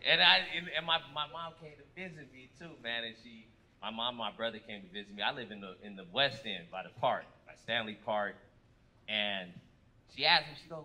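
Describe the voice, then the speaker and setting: A stand-up comedian from Fresno works a club crowd, his voice pitched high as he acts out his stories at full volume. He speaks into a handheld mic on stage. The live recording carries plenty of room noise. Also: moderate pace. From Fresno, California. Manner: animated storytelling with loud acted-out quotes.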